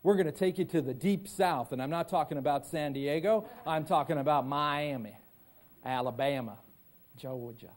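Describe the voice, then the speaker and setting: Male motivational speaker, slightly high voice, lively storyteller, live keynote, audience call-and-response. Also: normal speed. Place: conference stage before a live audience.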